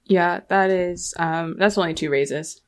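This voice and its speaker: A woman's voice: fairly low pitch, measured pace, a little hiss or hum. Wry woman player at a game table. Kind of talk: casual chat at a game table.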